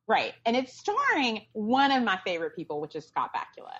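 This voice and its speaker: A woman co-hosting a casual pop-culture podcast, talking in a sarcastic, animated way. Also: fairly high pitch, brisk, husky. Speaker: podcast co-host. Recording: dull lo-fi sound.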